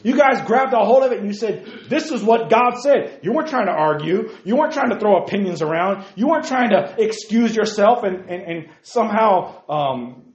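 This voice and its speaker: A man preaching a fervent sermon, his voice sitting a bit high for a man and rising into emphatic peaks as he calls out to young men. The sound is roomy and echoey, and a little dull and muffled, as if recorded in a church hall. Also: animated, a little fast, few pauses. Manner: exhorting, repeats "hey guys", rising emphatic peaks.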